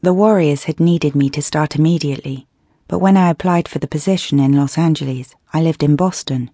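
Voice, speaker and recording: A British woman reading a first-person romance audiobook in a wry, expressive storytelling manner. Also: low-pitched, a little fast, husky, no room sound, studio quality. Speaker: audiobook narrator.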